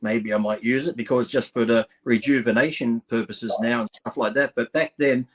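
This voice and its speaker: A man's voice: mid-range voice, fairly even intonation, normal speed. An Australian man in his fifties, a guest trading irreverent crude jokes in casual banter. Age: 50s. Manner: irreverent, tells dirty jokes with put-on character voices.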